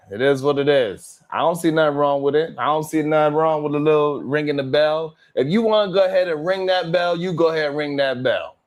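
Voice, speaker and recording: A man hosting a casual livestream, chatting and reacting to viewers with laughs, sighs and slang. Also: fairly high pitch. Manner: laid-back, laughing, sighing, drawling slang. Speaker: livestream host. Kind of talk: casual livestream chat reading super chats.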